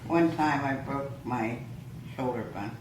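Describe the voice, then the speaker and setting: A woman's voice: a bass voice, measured pace. An older woman, a grandmother, chatting with family in a matter-of-fact way and giving practical advice. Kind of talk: casual family chat. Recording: echoey room with background noise.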